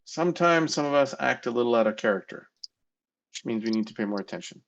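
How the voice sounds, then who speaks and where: A man's voice: medium pitch, lively intonation, fast, vocal fry, rough recording. A man, a player in a tabletop game, talking in a wry, chatty way in character.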